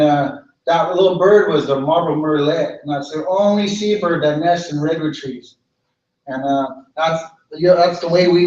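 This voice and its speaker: A man, a cultural director, telling a traditional story in a relaxed way, repeating phrases. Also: on the high side. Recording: echoey room, far mic, dull.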